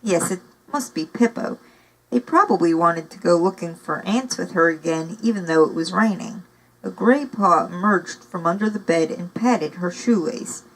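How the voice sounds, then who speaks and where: A woman's voice: fairly low pitch, moderate pace, low-quality recording. A woman reading a novel aloud, narrating steadily with occasional casual asides. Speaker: audiobook reader.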